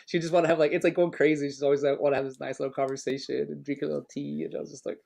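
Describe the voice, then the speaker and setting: Rambling man with a gravelly voice. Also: a little high, rapid-fire. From United States. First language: Spanish, grew up bilingual. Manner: rambling, animated storyteller who breaks into silly accents. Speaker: podcast co-host. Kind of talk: casual chat.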